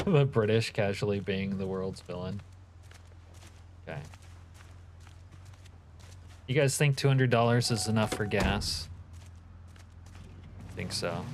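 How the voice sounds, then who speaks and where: A man with a slightly low voice talks through his game stream in a laid-back, joking way and reads viewer comments aloud. A steady hum of game noise runs underneath. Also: takes it slowly, pauses often. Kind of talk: casual live-stream commentary.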